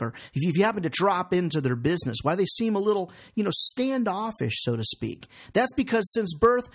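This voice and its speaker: A man in his forties, a sales coach giving an energetic, emphatic training talk full of rhetorical questions. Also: a little high.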